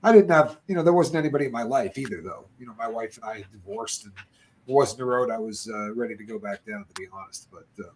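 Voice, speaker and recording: A man's voice: mid-range voice, fast talker, slight background noise. A middle-aged man telling prison stories in a casual chat, acting out other people's lines as he goes. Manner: animated storyteller, acts out other people's lines. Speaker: podcast guest.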